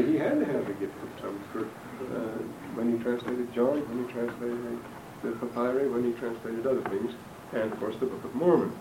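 A man's voice: mid-range voice, normal speed, hardly any pauses. An older man giving a classroom lecture on scripture, digressive and anecdotal with dry humor. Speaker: religion lecturer. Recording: roomy distant lecture recording with background noise.

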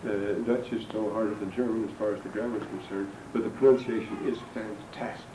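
The recording is roomy and distant, with background noise, capturing an older man's lowish, fairly even voice at a fairly quick pace. He's a religion lecturer giving a scripture class, prone to digressions, anecdotes, and dry humor.

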